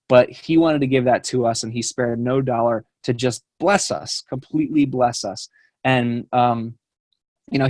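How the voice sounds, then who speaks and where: A young man, a fitness coach, tells a story on a team call with rambling, animated energy. His voice sits mid-pitch, and the sound is dry and close. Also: dry recording.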